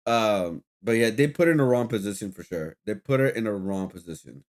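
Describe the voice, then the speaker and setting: A man's voice: fairly low pitch, expressive, a little fast. A man streaming, telling a rambling story in casual chat with lots of fillers and swearing.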